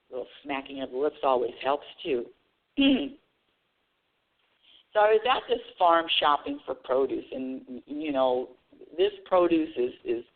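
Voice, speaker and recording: Chatty lady radio host, voice bouncing up and down, sounds like shes on a phone line. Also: low voice. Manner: chatty storytelling. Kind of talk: live talk radio monologue.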